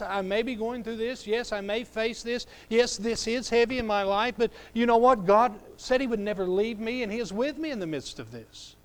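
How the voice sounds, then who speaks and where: A man preaching a sermon as pastor, swinging between loud emphatic lines and hushed, drawn-out phrases, and acting out scripture dialogue in a lowered voice.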